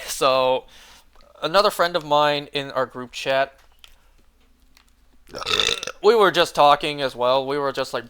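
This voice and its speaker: A man's voice: a little high, sing-song, a little slow, pauses often, fairly bright tone, clear, resonant tone. A young man streaming a game, telling a rambling, profane story in casual chat, full of fillers. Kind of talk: casual chat while gaming.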